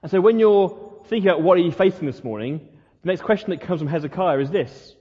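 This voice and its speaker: A man's voice: high-pitched, fast talker, husky. A male pastor giving a sermon in an earnest way, asking his listeners the same questions again and again. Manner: earnest, repeats rhetorical questions. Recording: muffled sound with long hall reverb.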